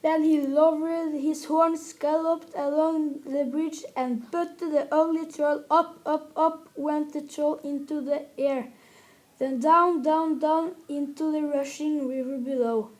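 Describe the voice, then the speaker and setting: A woman with a Norwegian accent, her first language Norwegian, reading a fairy tale aloud haltingly, with restarts. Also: sits high, fairly even intonation, darkish tone, low-quality recording.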